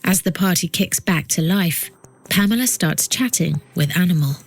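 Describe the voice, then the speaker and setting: Low-voiced woman narrating a true-crime story. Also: expressive, breathy edge, no room sound, faint music behind. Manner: measured, suspense-building delivery. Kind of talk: scripted narration.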